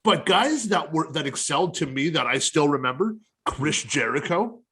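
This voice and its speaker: 30s dude, kinda high voice, blunt hot takes on a casual podcast. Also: male voice, expressive, normal speed, sharp tone, breathy edge. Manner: blunt, opinionated, fired up. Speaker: podcast co-host. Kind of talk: casual wrestling talk.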